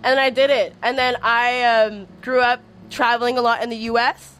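Young woman, label founder, higher voice, giggly, chatty, lots of fillers. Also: flat delivery, moderate pace, few pauses, fairly bright tone, a little hiss or hum. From Montreal. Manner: bubbly, giggly, filler-heavy with "like". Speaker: record label founder, guest. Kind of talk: casual radio interview chat. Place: crowded room with people.

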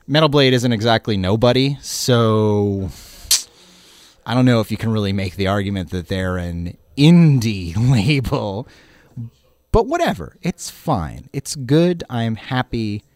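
A man's voice: medium pitch, no echo. Sarcastic, rambling male radio DJ. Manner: sarcastic, rambling, self-mocking. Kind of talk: casual chat between songs.

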